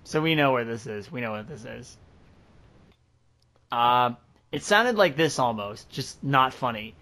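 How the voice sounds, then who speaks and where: A man's voice: medium pitch, expressive, measured pace, sharp tone. A man co-hosting a podcast, reading a horror story aloud and cracking crude jokes. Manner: crude, joking. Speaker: podcast co-host.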